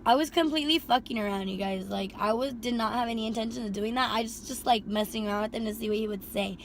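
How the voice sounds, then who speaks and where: A young woman casually telling a storytime about her driving job, animated, swearing freely and filling with "like". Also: a little high, quick pace, slight background noise. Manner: animated, heavy swearing and filler "like". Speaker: rideshare driver and vlogger.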